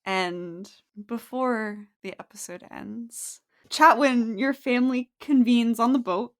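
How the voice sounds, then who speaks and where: A woman's voice: a little high, takes it slowly. A woman narrating as game master in a tabletop game, casual and full of fillers.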